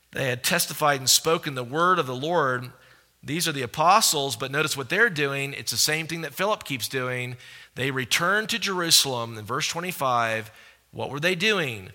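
Bright-voiced animated preacher. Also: male voice, fairly high pitch. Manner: animated, conversational, rhetorical questions. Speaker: pastor. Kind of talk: sermon. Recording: echoey hall reverb.

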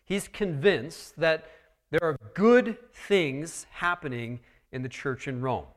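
A man with a fairly high voice preaches a sermon. He works through a text verse by verse, his delivery rising to loud emphasis and dropping back to quiet earnestness. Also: slow pace. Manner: emphatic preaching with wide swings in loudness; expository, walking listeners through a text. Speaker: pastor.

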